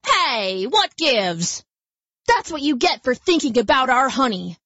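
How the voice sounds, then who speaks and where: A woman's voice: high voice, sing-song, unhurried, a bit bright, dry recording, lo-fi sound, pitched above the performer's own voice, heavily acted. A woman voicing a brash male guard bee who talks in cocky retorts and turns sheepish when scolded.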